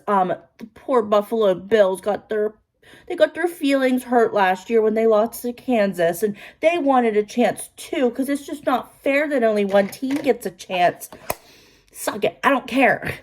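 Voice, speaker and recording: A woman in her twenties, a beauty vlogger, chatting excitedly while doing her makeup and saying "like" constantly. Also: mid-range voice. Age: 20s. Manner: chatty and excitable, heavy use of "like".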